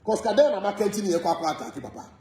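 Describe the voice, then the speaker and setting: A man's voice: sits high, quick pace, roomy sound. A Ghanaian man delivering a heated, repetitive gossip monologue, speaking straight to a rival. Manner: animated, repetitive, code-switching rant.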